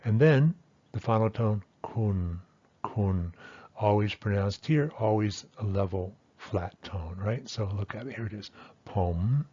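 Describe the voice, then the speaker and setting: A man's voice: fairly low pitch, moderate pace, mellow, husky, lo-fi sound. A man teaching a language lesson, patiently explaining and sounding out example words one by one. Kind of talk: explaining pronunciation at a whiteboard.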